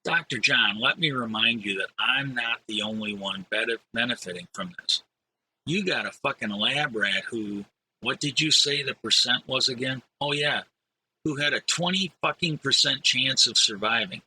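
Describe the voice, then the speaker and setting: A sarcastic, foul-mouthed male test patient from a story, snapping through an irritable, swearing retort as a man reads him out. His voice sits low and cuts sharp and forceful. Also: sing-song, fairly quick, a little hiss or hum, full character voice, poor audio. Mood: irritated.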